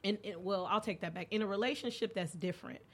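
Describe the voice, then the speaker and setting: A woman's voice: mid-range voice, quick pace, breathy edge. A young woman hosting a podcast, telling candid stories in casual chat and acting out the quoted lines. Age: young adult. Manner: candid storytelling, animated when acting out quotes. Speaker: podcast host.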